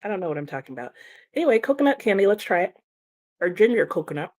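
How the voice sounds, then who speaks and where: A woman's voice: medium pitch, sing-song, very fast, darkish tone. A young woman chatting casually on a livestream, reading viewer comments aloud and laughing often. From United States. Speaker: streamer and book vlogger.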